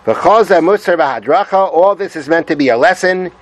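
A man's voice: fairly high pitch, animated, slow pace, slight background noise, rough recording. A man giving a Torah lesson, reading Hebrew sources aloud and translating them, explaining patiently and repeating his points. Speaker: Torah teacher.

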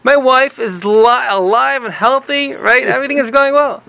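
A man's voice: very high voice, moderate pace, creaky, pushed and bright, dry recording, voice pushed up, heavily acted. A man doing a whiny, henpecked husband. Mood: whining. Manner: pleading, whiny. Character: henpecked, whining married man.

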